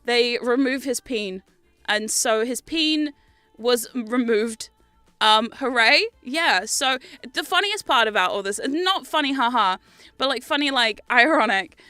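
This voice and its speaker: A young woman streamer chats in a rambling, casual way, breaking into laughter often and swearing freely. Her voice is high, bright and smooth. It is recorded close and dry, with no room sound. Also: animated, unhurried, no echo, soft background music.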